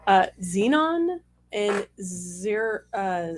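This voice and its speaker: A woman's voice: mid-range voice, very animated, drawn-out words, a little hiss or hum. Female co-host, casual, playful, teasing, reads trivia questions aloud. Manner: playful, teasing, laughs often. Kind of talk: casual live-stream chat.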